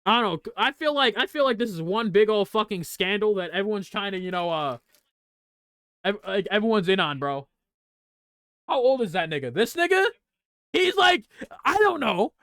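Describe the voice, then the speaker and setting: A man hosting a gaming channel, reacting to a story game with excitable, profane, slang-heavy rants. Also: sits high, normal speed, long pauses, no room sound. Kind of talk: casual let's play reaction commentary.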